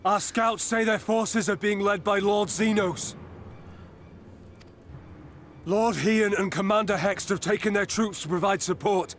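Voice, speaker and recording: A man doing a frantic high-voiced soldier. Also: moderate pace, a little hiss or hum. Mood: alarmed. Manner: urgent, shouted reports. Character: frantic young male soldier bringing urgent news.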